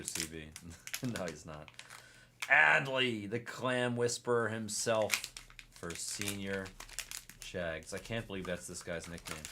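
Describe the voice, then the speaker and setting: Animated low-voiced man hosting live breaks. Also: noisy background. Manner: excitable, teasing banter. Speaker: live card-break host. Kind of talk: casual live-stream commentary.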